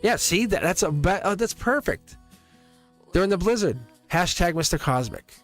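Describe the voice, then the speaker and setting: A man's voice: high-pitched, big pitch swings, normal speed, a bit bright, soft background music. Chatty man hosting a tarot stream. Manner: rambling, chuckles often, joking with viewers. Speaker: tarot reader and live stream host. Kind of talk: casual live stream chat.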